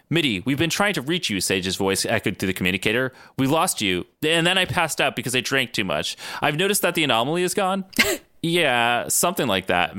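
A man co-hosting a podcast, reading a fan story aloud with very animated pitch swings and frequent laughs. His voice is bright and forward. The sound is dry and close, with no room around it. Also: no room sound. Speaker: podcast co-host.

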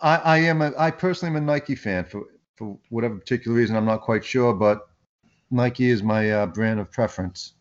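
A man speaks in a wry, measured way, choosing his words with care. His voice is mid-pitched. The recording sounds dull and lo-fi. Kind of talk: casual chat among friends.

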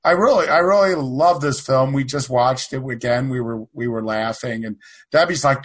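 A man's voice: medium pitch, normal speed, breathy edge. A man telling loose, self-correcting anecdotes in a casual podcast chat about films. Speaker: panel guest.

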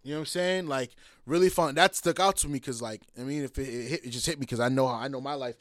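A man's voice: mid-range voice, fast, fairly bright tone, dry recording, studio quality. A man from Boston, a comedian, chatting loosely as a guest on a podcast, laughing often between his words. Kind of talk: casual podcast chat. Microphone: studio mic.

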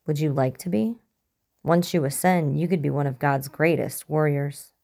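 Woman reads a calm male cult preacher, low and mellow, quietly menacing. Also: normal speed, vocal fry. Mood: serene. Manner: soft-spoken, unsettlingly calm.

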